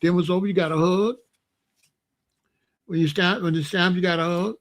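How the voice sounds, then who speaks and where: An older man vlogs outdoors, telling rambling, casual stories and pointing out places around him. His voice is high, a little fast, and fairly even in intonation.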